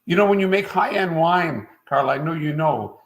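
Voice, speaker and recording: A man's voice: on the high side, normal speed, rough recording. A middle-aged man from Quebec, a winemaker guest telling stories in a casual interview, rambling along with plenty of "uh" fillers. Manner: rambling and anecdotal, frequent "uh" fillers.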